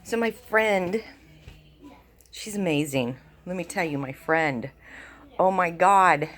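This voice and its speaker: A woman and mother chatting casually and warmly gushing in a home vlog. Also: fairly low pitch, slow. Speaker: vlogger and mother.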